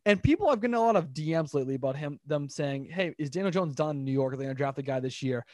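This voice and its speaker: Young male sports podcast host, brisk and lively, slightly higher voice, dry close sound, off-the-cuff. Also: dry recording. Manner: animated, rambling, quick recaps of scores. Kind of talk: casual sports talk.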